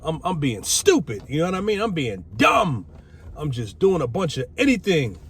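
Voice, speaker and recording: A middle-aged man casually telling a personal story, animated and profane. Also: fairly high pitch, normal speed, husky. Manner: animated, profane, acts out quoted voices. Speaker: vlogger telling his life story. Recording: faint background noise.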